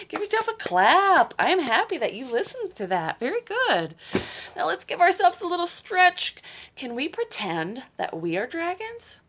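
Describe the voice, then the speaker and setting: Playful, animated woman librarian reading aloud. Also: very high voice, unhurried. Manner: playful, teasing, dramatic gasps and whispers. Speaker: children's librarian. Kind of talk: reading a picture book aloud to children.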